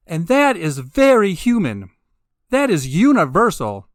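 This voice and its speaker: Wry, sarcastic podcast host, dry close mic. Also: male voice, high-pitched, huge pitch swings, no room sound. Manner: wry and sarcastic, with laughing asides; builds to emphatic, drawn-out peaks. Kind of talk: casual monologue.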